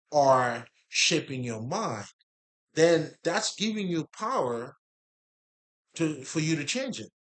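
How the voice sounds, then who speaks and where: A man's voice: on the high side, a bit bright. A man giving a casual spiritual monologue, rambling and streetwise, swearing freely and breaking into laughs. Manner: rambling, profane, laughs often, streetwise slang. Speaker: spiritual talk host.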